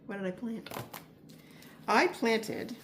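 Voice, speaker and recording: A woman's voice: on the high side, takes it slowly, a little hiss or hum. A woman giving a casual weekly garden update, rambling and hesitant with many fillers and restarts. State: a little out of breath. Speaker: vlogger. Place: home, upstairs spare room.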